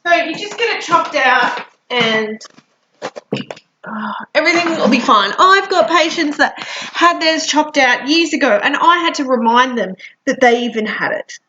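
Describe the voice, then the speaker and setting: A high-voiced woman speaks bluntly and swears freely, teary and sniffling. Her tone is bright and her pace unhurried. The recording sounds dull and lo-fi. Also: animated, a little hiss or hum. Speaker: vlogger. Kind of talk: candid personal vlog.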